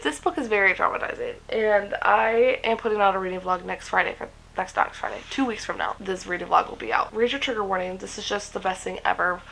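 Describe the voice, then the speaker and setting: Casual book vlogger, woman, mid pitch, chatty and gushing, swears a lot. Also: fairly bright tone, rough recording. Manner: chatty and gushing, swears freely, many fillers. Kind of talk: casual book review chat.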